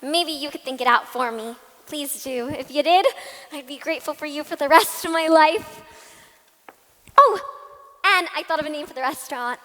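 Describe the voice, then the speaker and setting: Student actress doing a naive childlike woman, eager and pleading, high bright voice, echoey auditorium. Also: normal speed. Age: teens. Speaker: student actor. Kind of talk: school stage play acting. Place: school auditorium stage. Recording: echoey hall from a room mic.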